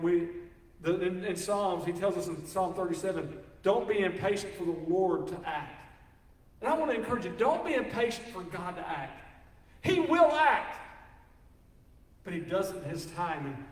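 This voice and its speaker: A man preaching a sermon, folksy and animated, joking with the congregation. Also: fairly high pitch. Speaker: pastor. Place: church sanctuary. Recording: echoey hall, speaker far from mic.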